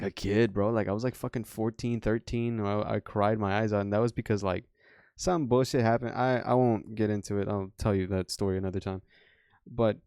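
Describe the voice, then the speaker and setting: A man's voice: lowish voice, warm tone, no echo. Young man, frustrated, swearing, rambling, dry close sound. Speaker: vlogger. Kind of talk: candid personal vent.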